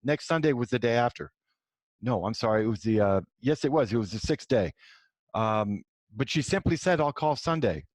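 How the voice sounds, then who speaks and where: A middle-aged man with a medium-pitched voice hosts a show, recounting a personal story at a normal speed with no echo. He's animated, acting out the quoted dialogue and restarting often.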